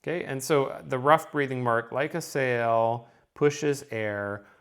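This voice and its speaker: A man teaching a lesson, speaking at an ordinary middle pitch for a man. He explains step by step, pausing often with "um" and checking in with "okay?". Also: smooth. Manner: explanatory, with frequent ums and checking okays. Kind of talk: recorded lesson.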